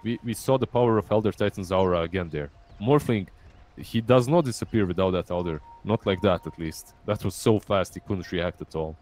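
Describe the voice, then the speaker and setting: A man's voice: deep voice, fairly quick, a little mellow. A man giving color commentary on an esports match, often stumbling and repeating words as he starts a thought. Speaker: esports analyst.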